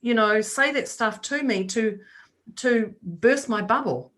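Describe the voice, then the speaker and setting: Speaking slowly in a slightly high, somewhat bright voice, a woman co-hosting a talk podcast chats casually. As she tells a story, she performs the voices of the people in it.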